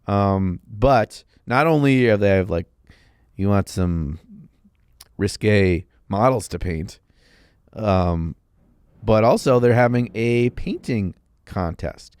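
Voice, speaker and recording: A man's voice: on the low side, takes it slowly, a little mellow, clear, resonant tone, dry recording, studio quality. A man co-hosting a hobby podcast in casual chat, jokey and loose. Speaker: podcast co-host.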